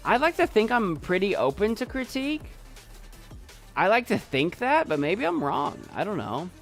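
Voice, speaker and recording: A man's voice: high-pitched, wildly swooping pitch, moderate pace, gravelly, fairly bright tone, soft background music. A young man streaming from his desk at home, chatting casually in a rambling, self-doubting way and repeating himself. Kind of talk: casual live-stream chat.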